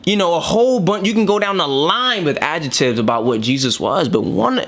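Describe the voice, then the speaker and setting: New York guy, higher-pitched, slangy, preachy commentator in casual talk. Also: lively intonation, fairly quick, fairly bright tone. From New York City. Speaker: commentator reacting to clips.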